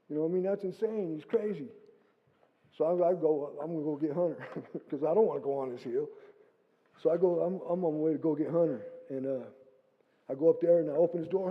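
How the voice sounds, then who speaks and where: A man's voice: fairly high pitch, a little fast. Storytelling man in an echoing church. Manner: animated storytelling, acting out his own quotes. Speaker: guest speaker. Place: church hall. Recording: phone-like lo-fi sound with long hall reverb.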